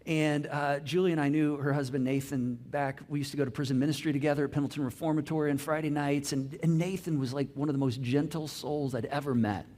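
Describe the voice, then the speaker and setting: A man's voice: on the high side, fairly even intonation, quick pace, few pauses, darkish tone. A middle-aged man preaching a sermon, telling stories with many restarts and quoted conversations. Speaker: pastor.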